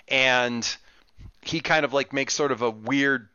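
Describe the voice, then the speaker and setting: Bright-voiced man running a tabletop game. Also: medium pitch, measured pace, clean tone, no echo. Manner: rambling, many fillers and restarts. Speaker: game master. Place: online voice call. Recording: muffled lo-fi voice chat.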